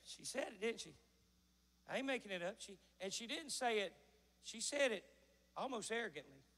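A pastor preaches in a folksy way, his voice high and gravelly with a bright, forceful edge. His voice carries a long reverb from the church hall around him. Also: animated, moderate pace. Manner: folksy, preaching in a rising shout. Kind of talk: sermon. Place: church sanctuary.

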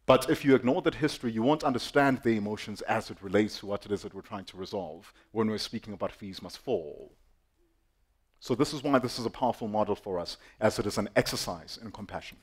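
A man's voice: lowish voice, fast talker, breathy edge. A man presenting on inclusion to an audience, explaining earnestly and with emphasis. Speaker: diversity and inclusion speaker.

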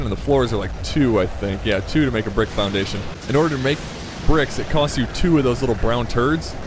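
A young man giving casual, chatty gameplay commentary, excitable and swearing freely as he talks to the game. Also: mid-range voice, background noise. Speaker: gaming YouTuber. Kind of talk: casual let's-play commentary.

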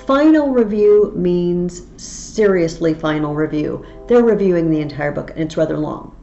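A woman's voice: lowish voice, animated, moderate pace, vocal fry, mellow, faint music behind. A woman teaching a Latin lesson online, explaining patiently step by step. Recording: slightly dull lo-fi audio with faint ambience.

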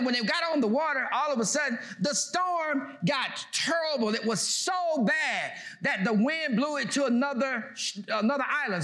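A male pastor preaching a sermon, calling out to the congregation and shouting scripture verses. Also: very high voice. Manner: call-and-response, shouting scripture.

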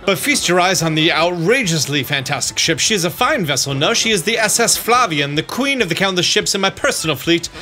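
A man's voice: high voice, lively intonation, a little fast, few pauses, sharp tone. A man voicing a flamboyant, self-important sailor-merchant in a vague mixed foreign accent, speaking in a theatrical, grandiose way. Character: pompous flamboyant male sailor-merchant braggart.

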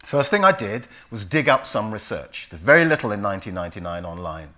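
His voice on the low side and a little fast, a London-accented English author in his fifties tells stories at a club event. He's an animated storyteller who performs the voices in his dialogue for the audience.

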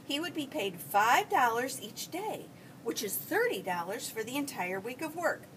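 A woman teacher reading a children's picture book aloud, with a high, lively voice that swoops up and down. She tells the story expressively, recorded from a mic set well away from her, with a faint hiss behind. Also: moderate pace, far from the mic, rough recording.

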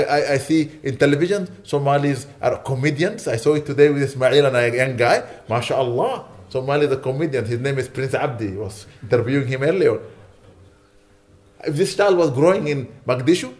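Speaking in a mid-range voice, a man lectures as a sheikh at a mosque, his fervent preaching gradually easing into quiet prayer.

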